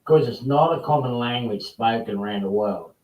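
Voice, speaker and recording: A man's voice: mid-range voice, moderate pace, darkish tone. A man hosting a casual video chat, telling stories in a rambling, chatty way. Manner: chatty storyteller, rambling with restarts. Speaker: host. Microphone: video call. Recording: roomy distant mic.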